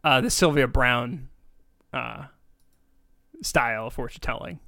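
A man's voice: medium pitch, creaky, bright, forceful tone, no echo, studio quality. A man co-hosting a casual podcast, riffing with crude jokes. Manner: jokey, quick to riff, crude. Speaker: podcast co-host. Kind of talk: casual joking chat.

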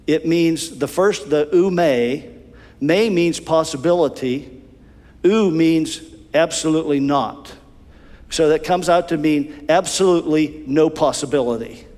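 A man preaching as a pastor retells a story with animated energy, restarting and repeating his words. His voice sits a bit high for a man. A long reverb from the church hall follows him. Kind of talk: sermon.

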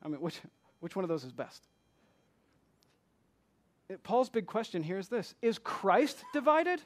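A man with a notably high voice delivers a conversational sermon as pastor. He talks to the congregation like a friend, firing off rhetorical questions and jumping from hushed asides to loud, emphatic bursts. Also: animated, moderate pace.

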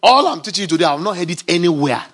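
High-voiced pastor preaching emphatically. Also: male voice, animated, rapid-fire. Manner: emphatic preaching, swinging from shouted declarations to quiet, chatty asides. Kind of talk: sermon.

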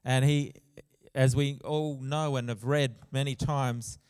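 Male pastor, sermon, smooth resonant voice, long church reverb. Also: medium pitch, steady tone, takes it slowly, darkish tone. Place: church hall.

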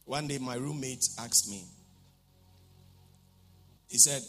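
A man preaching a sermon, shifting from low asides to shouts as he acts out what people said. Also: steady tone, slow pace, long pauses, soft background music.

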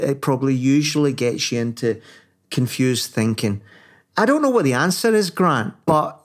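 A man from northern England talking in a relaxed co-host chat. He gets animated as he goes, laughs often and restarts his sentences as he thinks aloud. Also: medium pitch. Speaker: podcast co-host. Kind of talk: casual conversation.

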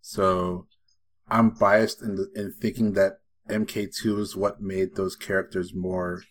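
Man, low voice, podcast co-host, tentative, trails off. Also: flat delivery, a little slow. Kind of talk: casual chat.

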